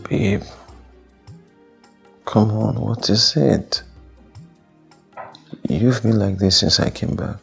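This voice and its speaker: An actor playing a doting, wealthy husband who coaxes his wife with soft, gentle talk. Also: on the low side, slow pace, gravelly, long pauses, faint music behind. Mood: tender. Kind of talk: Nollywood film acting.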